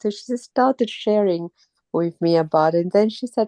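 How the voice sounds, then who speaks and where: A middle-aged woman from Mauritius, down with a cold and a sore throat, telling her story in a casual, halting way with many pauses and restarts. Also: mid-range voice, dark tone, dry recording. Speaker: interviewee, temple visitor. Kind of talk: casual personal account.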